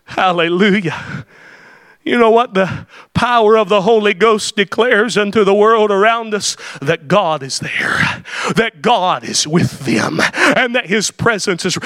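A man preaching a sermon, building to shouted climaxes with hallelujahs and dropping into quick explanatory asides. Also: high-pitched, dry recording, studio quality. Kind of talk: Pentecostal-style sermon.

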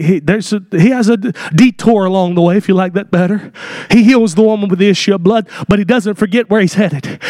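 A man preaching a sermon, building from plain talk into fervent shouted lines. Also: extremely high pitch, no room sound, studio quality. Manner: impassioned, rising to shouts.

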